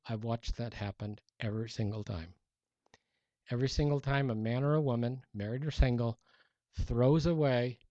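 A man preaching a sermon as a pastor, conversational and animated, acting out the people he quotes. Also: medium pitch, no echo, muffled recording.

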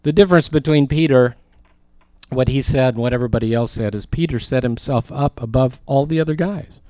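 A man's voice: medium pitch, a little fast, warm tone, no room sound, studio quality. A male pastor preaching a sermon in a conversational way, with emphatic asides as he reads and explains scripture.

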